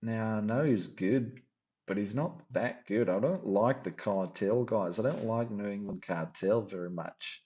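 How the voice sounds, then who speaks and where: A man's voice: lowish voice, measured pace, a little mellow, muffled recording. A man hosting casual fight predictions, rambling and teasing with jokey asides. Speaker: MMA fight-picks host.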